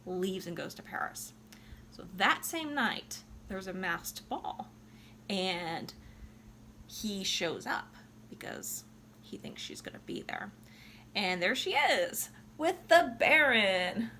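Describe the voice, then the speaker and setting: A woman's voice: mid-range voice, lively intonation, takes it slowly, a bit bright, a little hiss or hum. A tipsy woman casually retelling an opera plot in a loose, profane way, full of "like". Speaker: opera reviewer.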